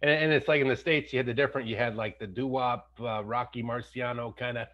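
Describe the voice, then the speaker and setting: A man in his fifties hosting a casual podcast chat, animated, slipping into jokey accent impressions. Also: mid-range voice, quick pace, hardly any pauses, dull audio. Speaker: podcast host.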